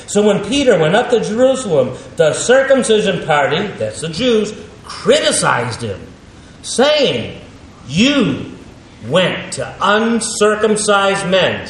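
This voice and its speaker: The sermon comes from a man teaching a Bible passage, using dramatic pauses and an emphatic, animated style. It's recorded in an echoey room with a faint rumble.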